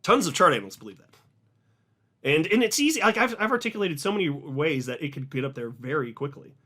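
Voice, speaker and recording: A man speaks in a somewhat high voice, casual and animated as he talks straight to his viewers. He doubles up words for emphasis and sounds keyed up and eager. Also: fast talker. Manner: excited, emphatic, repeats words. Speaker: crypto video host. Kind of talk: casual commentary to camera.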